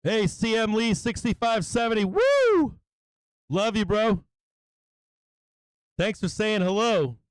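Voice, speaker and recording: An excitable man hosts a live stream, calling out viewers one by one with loose, profane enthusiasm and a catch of emotion in his voice. His voice sits high and comes through smooth and clear. The sound is dry and close, with no room around it. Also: measured pace, pauses often, dry recording. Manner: excited, swearing, greeting viewers by name. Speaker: livestream host. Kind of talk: casual live-stream shout-outs.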